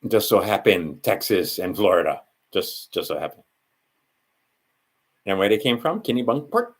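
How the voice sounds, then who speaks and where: A man's voice: on the low side, sing-song, normal speed, slightly rough. A man with a Hawaiian Pidgin accent, rambling through a solo monologue and correcting himself as he goes. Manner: meandering, self-correcting, asides to the listener. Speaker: channel host.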